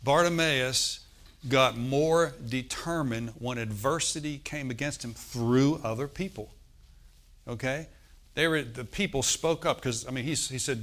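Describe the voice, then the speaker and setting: A male pastor preaching a sermon, calling out to the congregation for responses and swinging from loud bursts to soft, low asides. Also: moderate pace.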